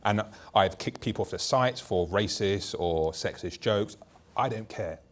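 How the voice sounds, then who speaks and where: A startup founder speaks on a conference panel in a candid discussion, his voice on the low side and unhurried. He is blunt and anecdotal, drawing on stories from his own work and talking in long, loose runs.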